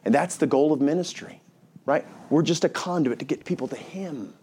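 A man's voice: on the high side, moderate pace, mellow, breathy edge. Man preaching with rhetorical questions. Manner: rhetorical questions, call-and-response with congregation. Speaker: pastor. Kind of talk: sermon. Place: church.

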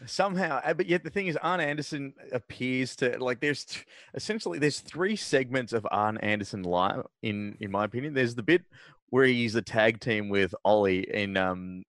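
A man's voice: mid-range voice, moderate pace, a bit bright, dry recording. Chatty man recapping with a dry sound. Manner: rambling, chatty recaps with frequent fillers. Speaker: podcast co-host. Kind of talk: casual chat.

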